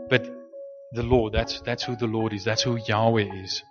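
This preacher's voice is lowish and steady, captured in dull audio with faint music behind him. Teaching his sermon loosely and without a script, he keeps restarting and repeating words, easing his pace to emphasize scripture whenever he reads it out.

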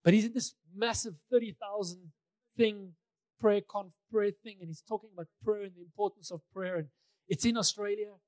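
High-voiced man preaching conversationally. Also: steady tone, moderate pace, a little mellow, dry recording. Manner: conversational, repeats phrases for emphasis. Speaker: pastor. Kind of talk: sermon.

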